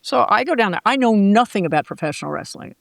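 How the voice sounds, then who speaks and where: An older woman, a former sportscaster, telling lively anecdotes as an interview guest and acting out the voices she quotes. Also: mid-range voice, fast talker, gravelly, dry recording. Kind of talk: casual interview storytelling.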